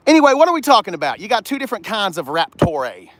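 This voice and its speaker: A man's voice: high-pitched, big pitch swings, fast, no room sound. A man from the Southern United States with a Southern accent, rambling jokily through a casual vlog at a car lot and getting sidetracked. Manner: rambling, easily sidetracked, jokey. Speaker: car vlogger.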